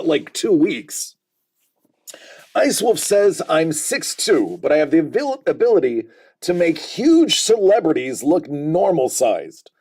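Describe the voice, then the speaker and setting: A man's voice: on the high side, gravelly, darkish tone, breathy edge. A man in his forties hosting a casual livestream, reading viewer comments aloud and joking about them. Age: 40s.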